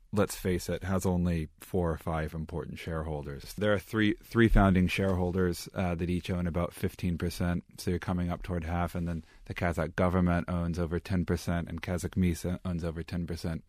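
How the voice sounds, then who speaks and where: A man speaking as a guest analyst in a studio discussion, emphatic and halting, with many restarts. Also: low-pitched, darkish tone, dry recording.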